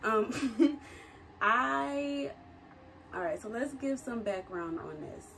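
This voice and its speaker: A woman's voice: a little high, lively intonation, slow pace, vocal fry, fairly bright tone, distant mic, slight background noise. A woman in her twenties, a recent college graduate, chatting casually to camera in a vlog, laughing often and using slangy asides. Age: 20s. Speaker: vlogger. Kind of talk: casual talking-head vlog.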